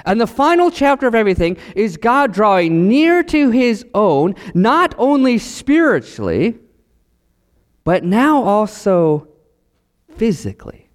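A male pastor giving a sermon, measured at first and then building to emphatic, rising declarations. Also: high voice, very animated, long reverb tail.

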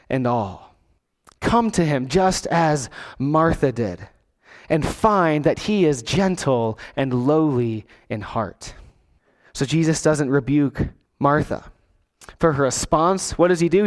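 A man preaching a sermon to his congregation, expressive and acting out the quoted lines. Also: a little high, big-room sound. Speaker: pastor.

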